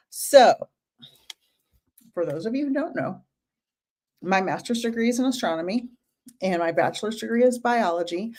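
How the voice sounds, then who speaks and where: A woman's voice: mid-range voice, darkish tone. A woman hosting a casual live stream Q&A as a medium, chatty and greeting viewers by name, a little out of breath.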